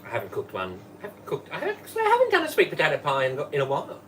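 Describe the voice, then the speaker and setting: A man's voice: on the high side, huge pitch swings, rapid-fire, fairly bright tone, slight background noise. Chatty man hosting a cooking stream. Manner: chatty, greets viewers by name, laughs often. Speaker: livestream host and former Tupperware manager. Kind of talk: live cooking stream chat. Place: home kitchen. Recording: voice from a distance off the mic.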